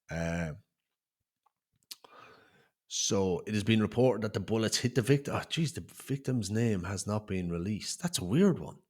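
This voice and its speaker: A man reading out and reacting to crime headlines in a relaxed, unscripted way. His voice sits a little low, and he stumbles through lines with frequent fillers before giving blunt, exasperated comments. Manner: hesitant, many filler sounds, blunt reactions. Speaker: true crime channel host. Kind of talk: casual commentary on news headlines.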